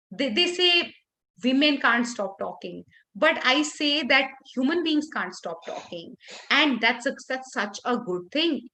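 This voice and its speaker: A woman leading a workshop for teachers, talking expressively with lively intonation and frequent restarts. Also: a little high. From India.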